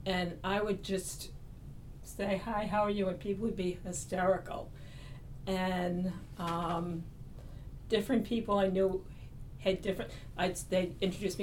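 A woman's voice: lowish voice, measured pace, a little hiss or hum. A woman with a Boston accent, an interview guest who tells stories animatedly and acts out what others said. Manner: animated, laughing, acts out quoted voices. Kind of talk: conversational storytelling.

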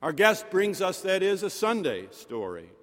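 A man preaching a sermon in a rhetorical manner, with dramatic pauses and soft drops in his voice. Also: high voice, sing-song. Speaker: pastor. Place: chapel. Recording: long reverb of a chapel.

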